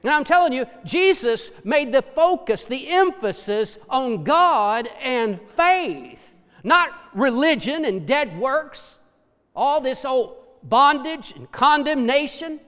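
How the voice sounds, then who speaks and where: A man preaching a sermon with passion, dropping to hushed low tones for emphasis. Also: big pitch swings, slow, clean tone. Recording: long hall reverb.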